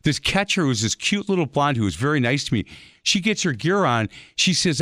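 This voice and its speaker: A man hosting a radio show, chatting with a guest and telling lively stories. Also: on the high side, brisk, no room sound, clean studio sound. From Wisconsin, USA. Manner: chatty storyteller, animated anecdotes. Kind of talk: casual radio interview.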